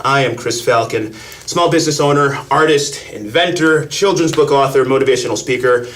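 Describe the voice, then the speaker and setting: A man's voice: medium pitch, normal speed, fairly bright tone, distant mic. A man hosting a podcast, telling stories in a brash, self-assured way. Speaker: podcast host. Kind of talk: casual podcast chat.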